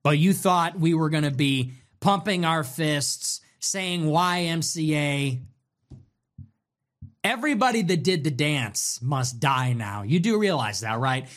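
A man hosting a livestream, ranting in a sarcastic, mocking, taunting way. He jumps between loud, high outbursts and low grumbles. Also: lively intonation, measured pace, few pauses. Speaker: livestream host.

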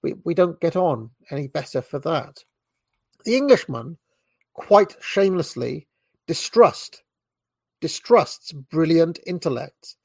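A British man reading a book aloud in a measured way, now and then stumbling and correcting himself, with short asides of his own. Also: on the high side, very animated, gravelly, a little mellow, husky, no room sound. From Britain. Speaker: reader.

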